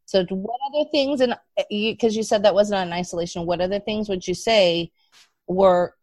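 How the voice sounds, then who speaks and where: A woman's voice: medium pitch, moderate pace, a little mellow, dry recording. A woman in a casual interview, breaking in to explain and advise.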